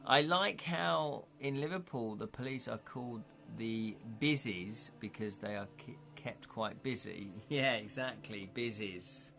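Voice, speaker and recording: A man's voice: medium pitch, a little slow, gravelly, hardly any pauses, bright, forceful tone. A man chatting casually on a live stream as he plays through a gamebook, thinking aloud and correcting himself as he counts up dice rolls.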